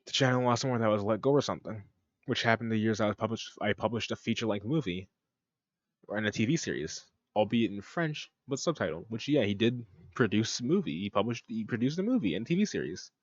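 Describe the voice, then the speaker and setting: Brief: male streamer, low voice, reads a document then reacts with crude jokes; dull, dry recording. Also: expressive, fast, no echo. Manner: reads aloud then reacts with profane, mocking asides. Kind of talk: casual reaction commentary.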